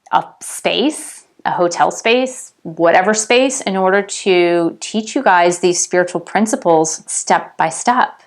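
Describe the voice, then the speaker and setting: A woman who works as a spiritual coach, talking to her viewers in a casual vlog. She is chatty and animated and keeps addressing them directly. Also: fairly low pitch.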